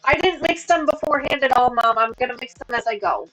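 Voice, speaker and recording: A woman's voice: sits high, lively intonation, fast talker, fairly bright tone, soft background music, low-quality recording. A woman in her thirties hosting a casual sewing livestream from home, chatty and upbeat as she explains her work. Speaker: livestream host.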